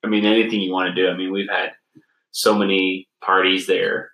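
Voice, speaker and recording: A man chatting on a casual podcast, telling long, rambling stories in a relaxed way. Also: sits low, fairly quick, vocal fry, echoey room, low-quality recording. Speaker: podcast co-host. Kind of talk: casual chat.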